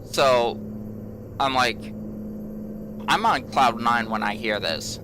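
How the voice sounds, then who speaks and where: Slow, rambling man telling a story. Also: medium pitch, background noise. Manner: rambling, repeats himself, many fillers. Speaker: gaming channel host. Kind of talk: casual storytelling vlog.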